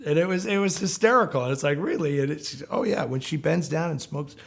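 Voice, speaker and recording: A film historian in a documentary interview, an animated storyteller who acts out quotes. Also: male voice, fairly high pitch, fairly quick, vocal fry.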